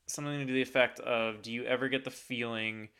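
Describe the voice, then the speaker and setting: A man's voice: medium pitch, fairly even intonation, fairly quick, sharp tone, clean tone. A man chatting casually in a film review, blunt and exasperated, swearing casually. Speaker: podcast co-host.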